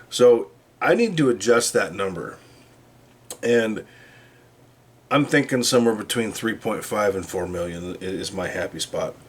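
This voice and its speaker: Blunt middle-aged guy chatting to camera, voice on the low side. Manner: blunt, plainspoken, slightly profane. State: hiccups. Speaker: channel host. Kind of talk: casual talk to camera.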